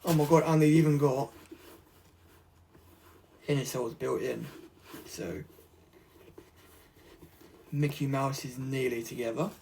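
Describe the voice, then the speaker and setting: A man from the UK chatting casually through an unboxing vlog, rambling and easily excited. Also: mid-range voice, takes it slowly, vocal fry, long pauses, a little hiss or hum. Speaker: vlogger.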